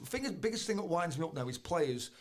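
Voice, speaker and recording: A man's voice: fairly high pitch, sing-song, a little fast. Blunt, sweary man. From England. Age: 40s. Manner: blunt, heavy swearing, storytelling. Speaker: guest, former footballer. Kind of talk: casual chat.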